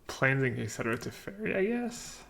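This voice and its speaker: A man's voice: mid-range voice, big pitch swings, moderate pace, vocal fry, fairly bright tone, a little hiss or hum. A man casually commentating his own card game on a live stream, joking and thinking aloud as he plays.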